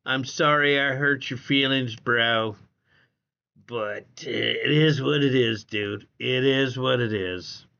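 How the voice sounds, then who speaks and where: A man's voice: mid-range voice, slow pace, gravelly, pushed and bright, highs cut off. A man streaming live, reading viewer comments in a blunt, profane way, repeating himself and calling people bro. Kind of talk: casual livestream chat reading viewer comments.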